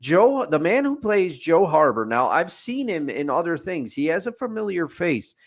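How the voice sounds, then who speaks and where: A man with a fairly high-pitched speaking voice, talking through a movie in relaxed podcast chat. He is opinionated and builds his case point by point, ticking items off like a checklist. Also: normal speed. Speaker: podcast co-host. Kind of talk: casual movie review chat.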